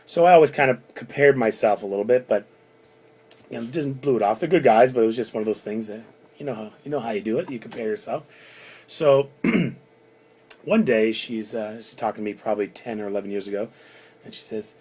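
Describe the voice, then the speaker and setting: A man's voice: medium pitch, brisk, a little mellow, breathy edge, poor audio. Chatty man rambling through a story. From Canada. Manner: rambling and chatty, acting out the people he quotes. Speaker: bar doorman telling a personal story. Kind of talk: casual spoken anecdote.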